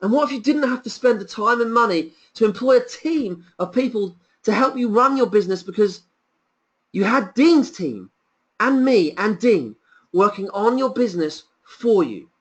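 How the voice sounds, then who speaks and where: A man presenting a sales pitch on a webinar, enthusiastic and persuasive, piling up rhetorical questions.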